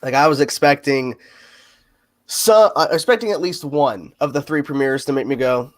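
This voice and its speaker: A man hosting a casual livestream chat, talking in quick asides. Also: medium pitch, dry recording. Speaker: host.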